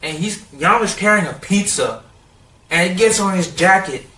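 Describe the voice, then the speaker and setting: A man giving a casual, rambling recap of a cartoon episode, excitable and full of "like.". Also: high voice, moderate pace, recorded from a distance. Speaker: TV episode reviewer. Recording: roomy sound, set back from the mic.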